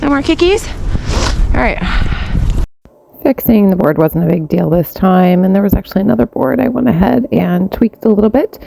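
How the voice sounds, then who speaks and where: A woman's voice: medium pitch, fairly quick, creaky, mellow, a little hiss or hum. A young woman vlogging at her barn, chatting and baby-talking to her horses and cat as she works. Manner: chatty, talks to the animals in baby-talk. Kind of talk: casual vlog chat with horses. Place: outdoor barn and paddocks.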